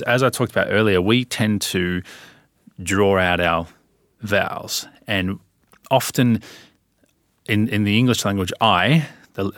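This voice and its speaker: An Australian man in a relaxed interview, laughing often and explaining with spoken examples. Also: lowish voice, no echo, clean studio sound. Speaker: guest. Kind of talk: casual interview chat.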